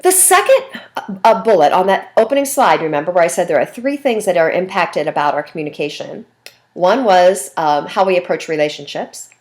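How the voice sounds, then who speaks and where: A woman teaching a communication class in a recorded video lecture, expressive and talking with her hands, acting out everyday conversations. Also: fairly low pitch, a little fast. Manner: acts out phone calls in lively voices. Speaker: communication instructor.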